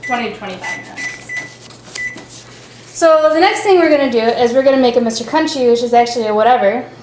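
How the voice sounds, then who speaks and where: A woman's voice: on the high side, expressive, brisk, a little mellow. A young woman co-hosting a home cooking show, chatting casually and laughing often while she cooks. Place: home kitchen. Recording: echoey kitchen with clear noise.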